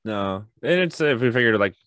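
A young man co-hosting a podcast in casual chat, telling family stories with animation and acting out his toddler in high voices. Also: lively intonation, moderate pace, fairly bright tone, smooth, no echo, clean studio sound. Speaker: podcast co-host.

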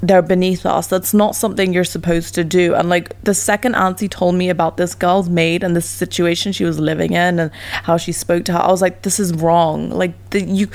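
A woman's voice: on the low side, darkish tone. A woman from Dubai in casual chat, making emphatic points and laughing between them.

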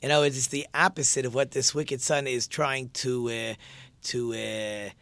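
A man's voice: medium pitch, little pitch movement, normal speed, a bit bright, no echo. A male teacher giving a conversational religious lesson and posing rhetorical questions to his listeners.

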